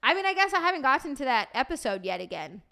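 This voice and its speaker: A woman's voice: sits high, very animated, quick pace, vocal fry, sharp tone. A young woman streamer chatting casually, swearing freely and answering her live chat.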